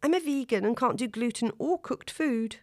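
A woman's voice: a little high, animated, moderate pace, darkish tone, no room sound, clean studio sound, voice pushed up. A woman doing a gushing, tipsy young model. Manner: gushing, self-absorbed.

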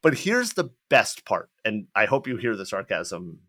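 A man's voice: fairly low pitch, unhurried, no echo. A man co-hosting a podcast, telling stories in casual chat, laughing often and restarting his sentences. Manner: animated storyteller, laughs often, many restarts. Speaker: podcast co-host.

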